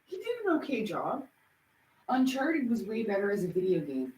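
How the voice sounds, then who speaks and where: Chatty husky woman livestreaming. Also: medium pitch, sing-song, moderate pace, darkish tone. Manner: chatty, rambling, laughs often, puts on voices. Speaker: livestream host. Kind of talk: casual livestream chat.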